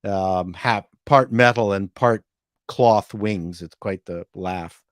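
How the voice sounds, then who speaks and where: A man's voice: on the low side, takes it slowly, no room sound, clean studio sound. A man chatting as an interview guest, rambling through stories with many fillers. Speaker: guest, former TV executive. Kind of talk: casual interview chat.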